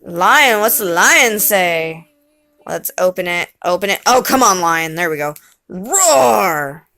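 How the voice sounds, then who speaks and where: A mother reading a picture book with her small child, coaxing and gently teasing. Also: on the low side, animated, measured pace.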